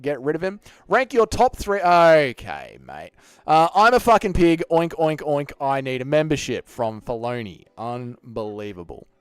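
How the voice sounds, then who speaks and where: A man's voice: on the high side, clear, resonant tone, no echo. An Australian man hosting a casual live stream, bantering and swearing as he reads out chat messages. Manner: profane, joking banter with chat.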